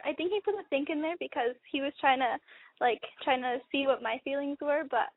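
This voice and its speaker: A woman's voice: high voice, a little fast, a little hiss or hum. A woman calling in while walking outdoors, talking hesitantly with many fillers. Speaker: caller. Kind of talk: phone call. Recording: tinny phone line.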